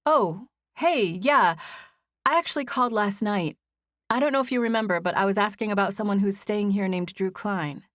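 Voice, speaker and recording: A woman voicing an eager, nervous young woman's dialogue in an audiobook, bright and a little hesitant. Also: mid-range voice, moderate pace, no room sound, studio quality, pitched above the performer's own voice, lightly acted.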